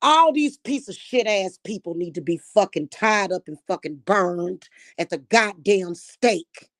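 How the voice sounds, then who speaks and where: A woman's voice: medium pitch, expressive, a little slow, dry recording, clean studio sound. Furious woman ranting with heavy profanity. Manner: profane, shouting at times, repeating insults. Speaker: spiritual vlogger. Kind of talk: angry rant to camera.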